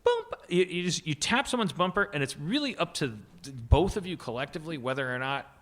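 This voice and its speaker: A man's voice: on the high side, animated, fast, a bit bright. A man hosting a live comedy podcast, rambling with lots of fillers and restarts. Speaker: host.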